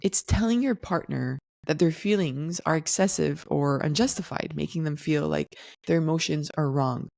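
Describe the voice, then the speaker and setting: Lady podcast host, deep voice with some fry, calm teaching vibe, dry room. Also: moderate pace, hardly any pauses, no echo. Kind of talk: solo podcast talk.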